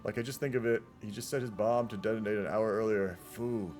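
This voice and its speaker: A man's voice: on the low side, steady tone, brisk, darkish tone, faint music behind. A man casually commentating a multiplayer strategy game on a live stream, rambling into laid-back asides and swearing often.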